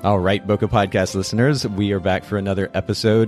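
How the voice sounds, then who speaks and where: A man's voice: lowish voice, steady tone, fast talker, hardly any pauses, a little mellow, faint music behind. A man hosting a podcast interview, chatting in a friendly way with frequent restarts. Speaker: podcast host.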